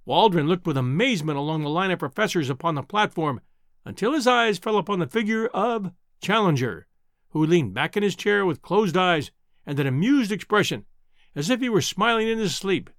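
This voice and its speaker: Expressive male audiobook narrator. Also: sits high, moderate pace, dry recording, studio quality. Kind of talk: scripted narration of a classic novel.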